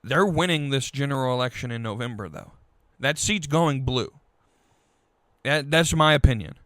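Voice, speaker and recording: A man's voice: mid-range voice, a bit bright, dry recording. Frustrated man ranting on a podcast. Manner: frustrated, halting, many restarts. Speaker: podcast host. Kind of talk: political rant.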